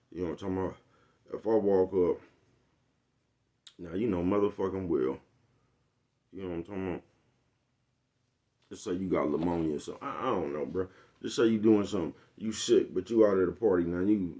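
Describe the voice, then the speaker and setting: Low-voiced man in a rambling monologue. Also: mellow. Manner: rambling, profane, keeps asking "you know what I'm talking about". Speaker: vlogger. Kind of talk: casual monologue.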